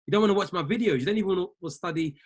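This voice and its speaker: High-pitched man giving a preacher-like pep talk. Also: very fast, breathy edge. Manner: preacher-like, repeats lines for emphasis; exhorting, talks straight to listeners. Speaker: trading coach. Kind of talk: motivational talk to an online group.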